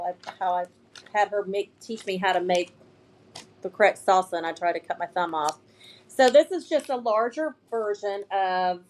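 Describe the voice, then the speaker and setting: A woman's voice: mid-range voice, darkish tone. A chatty woman, showing new shop products on a casual live stream and reading funny signs aloud with giggles.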